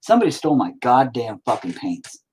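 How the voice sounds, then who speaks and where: A man's voice: medium pitch, very animated, brisk, a little mellow, slightly rough. A man with a rural Southern US accent, chatting casually while he paints, rambling, profane and self-mocking. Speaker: painting video host.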